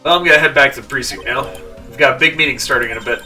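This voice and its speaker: Brief: earnest, pleading detective read by a man, bright voice, distant mic with game music. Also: medium pitch, rapid-fire, voice pushed down. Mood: eager. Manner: eager, pleading. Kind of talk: reading game dialogue aloud.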